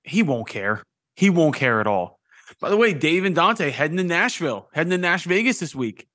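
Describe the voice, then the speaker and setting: A young man hosts a podcast with a slightly raised, bright-sitting pitch. He rambles in an excitable, profane, easygoing way. The studio sound is close and dry. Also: normal speed, no echo. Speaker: podcast host. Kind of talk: casual chat.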